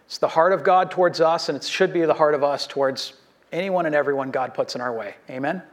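A pastor delivering a sermon to his congregation. His voice sits a little high for a man, and he preaches earnestly, driving points home with short repeated calls. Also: fairly quick. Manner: earnest, exhorting, with repeated short phrases and soft laughs.

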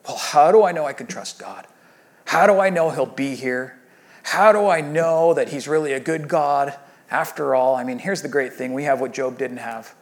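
A man in his thirties, a pastor, preaching a sermon in a conversational storytelling way that swings from lively to hushed. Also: mid-range voice, moderate pace.

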